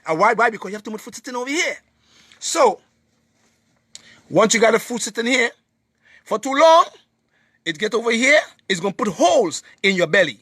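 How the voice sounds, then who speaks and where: Caribbean man, preachy health educator, high lively voice with a husky edge. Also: moderate pace, pauses often. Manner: preachy, emphatic, repeats points and quizzes listeners. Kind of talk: lively health talk to an audience.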